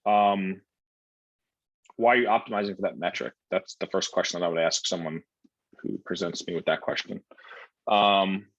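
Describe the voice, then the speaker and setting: Man, low husky voice, casual blunt coach answering questions, dry lo-fi sound. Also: normal speed, long pauses, dry recording.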